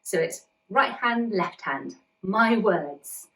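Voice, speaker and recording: A woman teaching a dance routine to a class, upbeat and encouraging, slowly chanting the song's lyrics to show where each move lands. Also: mid-range voice, lively intonation, sharp tone. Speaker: dance instructor. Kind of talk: instructional dance tutorial. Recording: roomy, distant from the mic.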